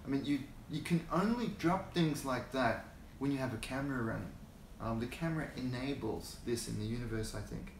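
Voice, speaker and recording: A man's voice: mid-range voice, fairly quick, few pauses, roomy sound, a little hiss or hum. An Australian man hosting a casual livestream, rambling and chuckling as he greets viewers by name, talking into a phone held in his hand. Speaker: hobby channel host.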